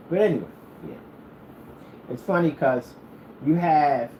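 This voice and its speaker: A man from the United States talking casually to his vlog audience, rambling and repeating himself, sometimes drawing words out slowly. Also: medium pitch, sing-song, dark tone, slight background noise, poor audio. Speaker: vlogger.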